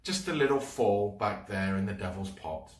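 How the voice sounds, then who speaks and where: A man voicing a tough young boy who talks briskly and brushes things off, recorded in a roomy space from a distance. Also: fairly low pitch, animated, slight background noise, lightly acted. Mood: brave.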